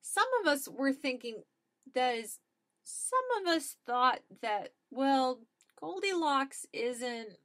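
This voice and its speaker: A woman's voice: sits high, lively intonation, takes it slowly, a bit bright, full character voice. A woman voicing a nervous gnome who hedges and stumbles over his words. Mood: awkward.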